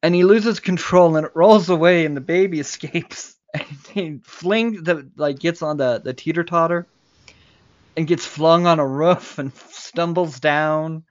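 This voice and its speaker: A man's voice: a little high, measured pace, dull audio. A man co-hosting a casual movie podcast, retelling scenes in detail and laughing often. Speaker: podcast co-host.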